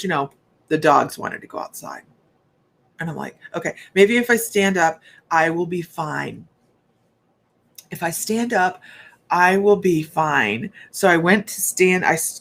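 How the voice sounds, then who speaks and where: A woman's voice: on the low side, vocal fry, fairly bright tone. A woman hosting a casual livestream, chatting to viewers and telling stories with plenty of laughter and acted-out quotes. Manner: chatty storyteller, laughs often, acts out quotes. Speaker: psychic livestream host.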